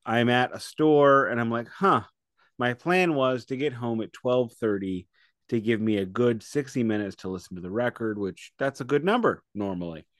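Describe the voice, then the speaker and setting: An American man co-hosting a casual podcast, telling stories in an animated, exasperated way. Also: mid-range voice, normal speed, no echo, studio quality. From United States. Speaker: podcast co-host. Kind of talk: casual chat.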